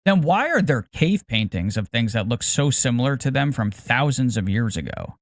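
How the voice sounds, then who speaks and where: A middle-aged man talks through a podcast segment at an ordinary pitch, sounding careful and hesitant and stumbling over repeated words. His voice sits dry and close on the mic. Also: very animated, normal speed, dry recording. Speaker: podcast co-host. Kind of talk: casual podcast chat.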